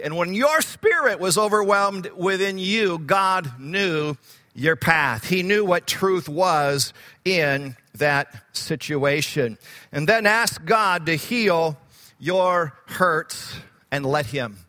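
A man's voice: high-pitched, expressive, slow pace, sharp tone, big-room sound. A man preaching a sermon, earnest and repeating key words for emphasis, growing fervent when he quotes scripture.

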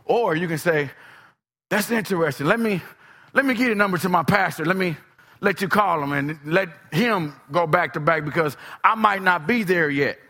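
A man preaching a sermon, swinging between soft, low asides and shouted, emphatic lines. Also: moderate pace, in a large hall.

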